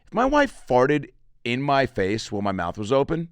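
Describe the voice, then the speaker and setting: A man's voice: medium pitch, wildly swooping pitch, normal speed, no room sound. A man, a comedian and podcast host, talking in a rambling, crude, joking way while plugging his shows. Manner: rambling and crude, with self-promotion and jokey asides. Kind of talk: casual podcast monologue.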